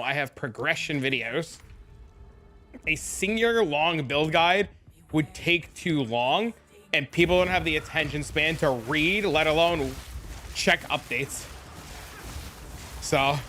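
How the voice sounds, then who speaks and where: A man streaming a game, casually chatting, reading chat aloud, animated and swearing often. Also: on the high side. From New Jersey.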